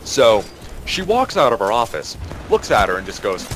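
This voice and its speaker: Young man spinning an animated story. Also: on the low side, normal speed, over music. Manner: animated, acts out quoted voices. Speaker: storyteller among gaming friends. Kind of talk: casual storytelling over voice chat.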